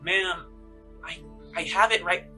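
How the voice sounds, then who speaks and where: A man's voice: high voice, slow, bright, forceful tone, faint music behind, pitched above the performer's own voice, full character voice, rough recording. A man voicing a tired human clerk in his thirties who politely but firmly insists on payment, in a tabletop game. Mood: weary.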